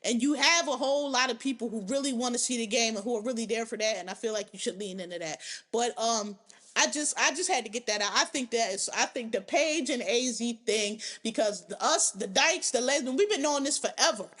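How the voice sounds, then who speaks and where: A woman hosting a podcast, giving animated, profane, opinionated commentary in casual chat. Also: sits high, brisk. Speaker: podcast host.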